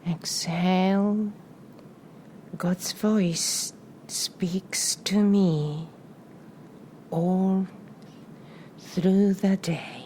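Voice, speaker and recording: In a soft, medium-pitched voice that often slips into a breathy whisper, a woman guides a meditation, repeating short phrases and calm cues separated by long pauses. It's a live session before a small audience, with a little hiss or hum audible.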